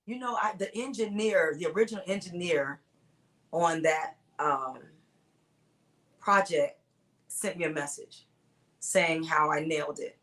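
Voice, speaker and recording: A woman, a singer-songwriter guest, telling stories in a relaxed interview with frequent restarts. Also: low voice, unhurried, long pauses, low-quality recording. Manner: storytelling, warm recollection with frequent restarts. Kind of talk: casual interview chat.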